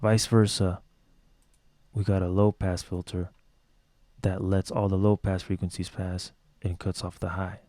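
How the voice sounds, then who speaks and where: A man with a low voice gives a loose, rambling mixing tutorial from his home studio. He swears casually as he talks through settings. The sound is dry and close, with no room echo. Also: little pitch movement, unhurried, warm tone. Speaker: music producer teaching mixing.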